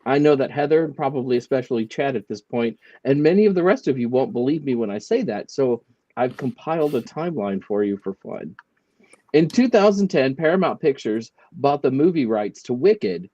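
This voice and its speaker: A man delivering prepared remarks on a panel in a dry, joking way. His voice sits at an average pitch, and the mic sounds dull and dead with no room around it. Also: animated, a little fast, warm tone, no echo. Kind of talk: casual chat, prepared commentary.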